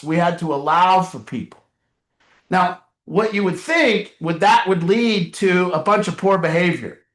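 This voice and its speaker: A man who runs a recovery program explains his views earnestly, reasoning aloud and leaning on "you see". His voice sits high for a man. The sound bounces around an echoey room. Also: fairly bright tone. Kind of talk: conversational discussion.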